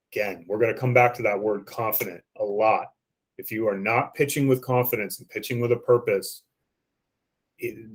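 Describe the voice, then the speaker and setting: A man giving a training lesson on phone sales scripts, coaching listeners and acting out the script lines. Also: mid-range voice.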